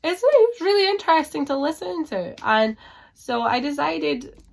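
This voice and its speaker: A woman's voice: high-pitched, big pitch swings, moderate pace, gravelly. Chatty, rambling woman book vlogger. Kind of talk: casual chat to camera.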